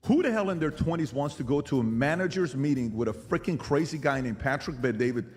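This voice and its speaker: A man's voice: fairly high pitch, expressive, fairly quick, a little mellow, big-room sound, soft background music. A middle-aged man hosting a podcast who argues emphatically, firing rhetorical questions and mimicking other people's lines. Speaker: podcast host. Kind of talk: animated debate monologue.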